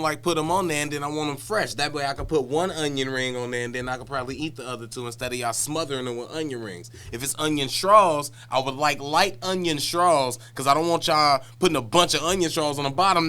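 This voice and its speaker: A man with a smooth, resonant and bright voice tells stories on a casual podcast. He lays out his complaints in long, detailed rants, with an easy storyteller's pace. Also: fairly high pitch, fast, hardly any pauses. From Wisconsin, US. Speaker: podcast co-host. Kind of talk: casual comedic podcast chat.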